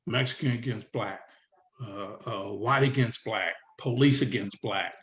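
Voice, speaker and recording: A middle-aged man from San Diego, a guest in a casual interview, retelling his past in a rambling, animated way full of filler words. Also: on the low side, a little slow. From San Diego, California. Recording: roomy echo.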